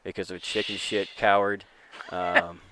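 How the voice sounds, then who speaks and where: A middle-aged man, a podcast co-host, telling a story in casual chat and acting out the quotes with a lively, profane rant. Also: low voice, moderate pace, noisy background. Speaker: podcast co-host, assistant youth baseball coach.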